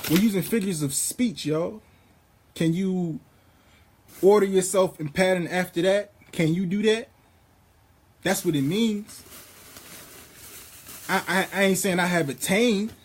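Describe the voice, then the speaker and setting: A man giving a rambling spiritual monologue, preachy and profane in a casual street manner, reading scripture slowly and deliberately. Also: sits high. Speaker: vlogger.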